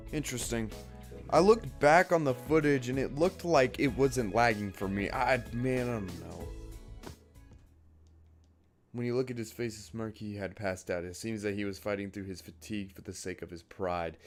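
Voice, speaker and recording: A man streaming a game, reading its text aloud and thinking aloud in a halting, casual way. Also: lowish voice, faint music behind.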